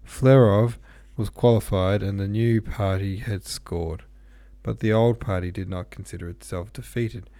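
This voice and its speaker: A man's voice: on the low side, fairly even intonation, unhurried, mellow, dry recording. A man reading a classic novel aloud, unpolished, with small slips and asides. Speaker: audiobook reader.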